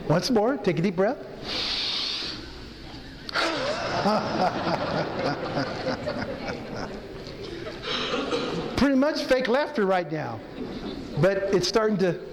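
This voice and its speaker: A chaplain leading a laughter yoga workshop, coaching the audience through breathing and demonstrating laughter in a hotel event room. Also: male voice, sits high, background noise. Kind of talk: interactive workshop talk. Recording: long hall reverb, faint ambience.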